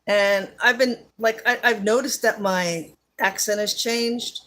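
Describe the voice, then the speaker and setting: A woman's voice: medium pitch, steady tone, slow, a bit bright. A woman with a Central New Jersey accent, hosting a casual live chat with viewers, chatty and laughing often, with many fillers. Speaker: live-stream host.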